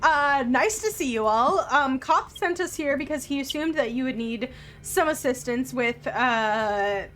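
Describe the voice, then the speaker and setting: Flustered young priestess, voiced by a woman. Hesitant, lots of ums, slow delivery. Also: high voice, expressive, fairly bright tone, soft background music.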